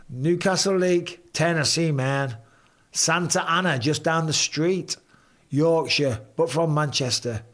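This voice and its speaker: A man with a slightly high voice hosts a casual live stream from home. He talks easily and reads out viewer comments with light banter.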